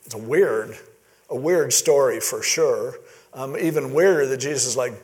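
A man's voice: mid-range voice, moderate pace, a little mellow. A man preaching a sermon in a casual, conversational way, acting out the quoted lines with animation. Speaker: pastor.

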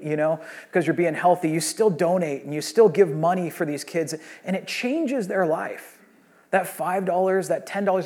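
A man's voice: on the high side, darkish tone. Man preaching a storytelling sermon. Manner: conversational storytelling with many restarts. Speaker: pastor.

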